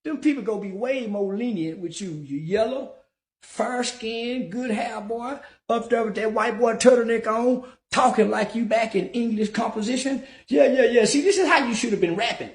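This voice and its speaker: Brash male commentator, high-pitched, loud and animated, lots of echo around him. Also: normal speed. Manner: loud, animated, repeats "yeah, yeah" and laughs. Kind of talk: profane streamed commentary. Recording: roomy echo.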